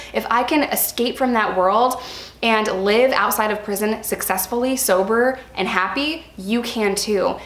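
An earnest young woman tells her own story in a candid vlog, stressing points by repeating words. Her voice sits a little high. The room around her echoes noticeably. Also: fairly bright tone. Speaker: vlogger sharing personal experience. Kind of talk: candid personal vlog talk.

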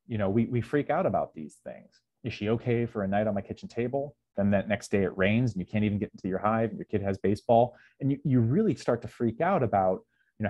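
Casual low-voiced man giving a lecture. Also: expressive, a little fast, warm tone, husky, no echo. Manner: casual, lots of ums, acts out dialogue. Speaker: beekeeping presenter. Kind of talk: slide lecture.

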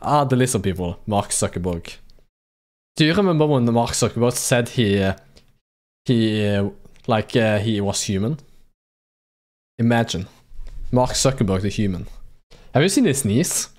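A man's voice: fairly low pitch, animated, normal speed, long pauses, darkish tone. Joking, swearing young-sounding gamer guy. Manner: swears freely and jokes around, reacting to the game. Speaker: streamer playing a visual novel. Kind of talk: casual let's-play commentary and reading game lines aloud.

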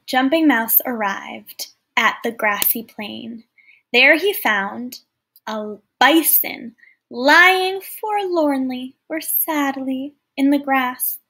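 A woman teacher with a high, sharp-toned voice reads a folktale aloud to children in a read-aloud lesson. She's clear and explanatory, explaining words and often asking her listeners questions as she goes.

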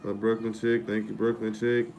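A man's voice: lowish voice, little pitch movement, fairly quick, a little hiss or hum. A man hosting a casual livestream, greeting and thanking viewers by name over and over. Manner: repetitive shout-outs and thanks to viewers. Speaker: livestream host. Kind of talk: casual live-stream chat.

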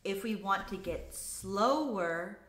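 Animated woman leading children's choir lesson. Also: medium pitch, slow pace, slight background noise. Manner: lively, demonstrative, repeat-after-me teaching. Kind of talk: teaching a children's music lesson. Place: home room. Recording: echoey room with faint music.

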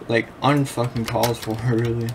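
A young man giving casual commentary over his own gameplay, excitable, laughing often and swearing freely. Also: mid-range voice, normal speed, background noise. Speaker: gameplay video creator.

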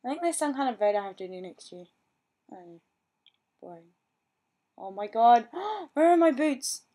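An Australian teenage girl chats in a bubbly, scattered way in a casual home vlog, often gasping and laughing. Her voice is high and a little mellow.

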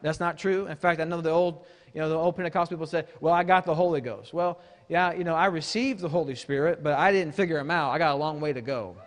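A man preaches a sermon in a fairly high voice. He mixes loose, chatty asides with sudden emphatic shouts. His voice rings out with a long reverb across a church hall. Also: quick pace, few pauses. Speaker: guest preacher.

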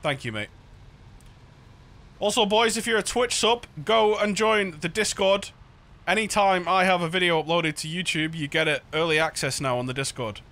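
A man streaming a driving game, chatting casually and breaking into excited outbursts. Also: high-pitched, moderate pace. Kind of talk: casual gaming chat.

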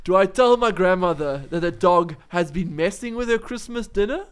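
A man's voice: sits high, animated, normal speed, smooth. A man with a South African accent, a podcast co-host reading a listener's letter aloud with laughing asides. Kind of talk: casual podcast chat.

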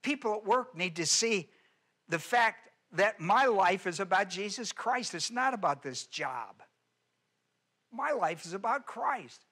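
Male preacher, high bright voice, emphatic sermon delivery that rises loud and drops soft. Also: animated, measured pace. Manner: emphatic preaching with repetition, swings from loud to hushed. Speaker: pastor.

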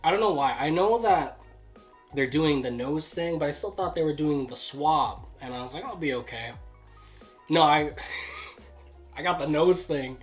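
A man's voice: on the high side, moderate pace, soft background music. Laid-back young man telling a story. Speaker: vlog co-host. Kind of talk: casual storytime narration.

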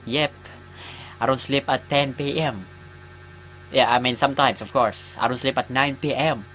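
A man's voice: medium pitch, fairly even intonation, normal speed, a bit bright, slight background noise. A man rambling casually while playing a horror game, joking at himself and yelping at scares. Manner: chatty, self-mocking, bursts into yelps at scares. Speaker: gaming YouTuber. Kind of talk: rambling let's-play chat.

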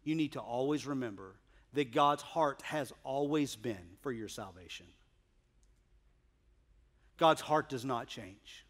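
A man preaching a sermon as pastor, emphatic, swinging from loud declarations to hushed asides. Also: medium pitch, lively intonation, slow, long pauses.

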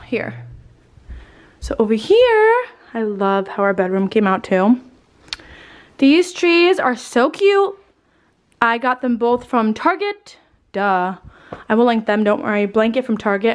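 A woman in her twenties gushing about her holiday decorating while showing her home, a bit out of breath and swearing casually. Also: mid-range voice. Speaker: lifestyle vlogger. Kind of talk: casual home tour chat.

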